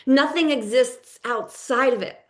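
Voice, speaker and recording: A woman coach speaks slowly, leaving long, weighty pauses between her phrases. Her voice sits fairly high, and she leans hard on single words to drive each point home. She teaches with a spiritual bent. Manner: deliberate and emphatic, stressing single words. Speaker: life coach. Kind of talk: teaching a live coaching session.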